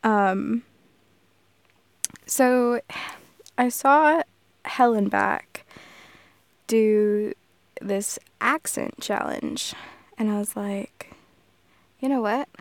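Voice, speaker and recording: A woman's voice: on the high side, drawn-out words, pauses often, dry recording. Goofy Texas woman with a Southern accent. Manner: goofy, laughs often, swears casually. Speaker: audio creator. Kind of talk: casual solo chat.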